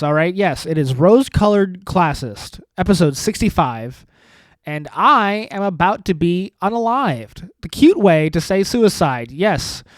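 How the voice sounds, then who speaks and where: A man hosting a solo comedy podcast, rambling through self-mocking dark jokes and sarcastic asides. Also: high voice, no echo. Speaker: podcast host.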